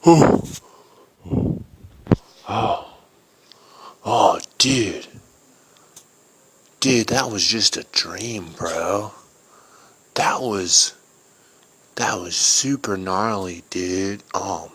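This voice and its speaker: A man's voice: sits low, very slow, pauses often, a bit bright, breathy edge, heavily acted. A man voicing a dopey surfer-dude young man in a homemade cartoon, calling everyone dude and bro in slangy talk.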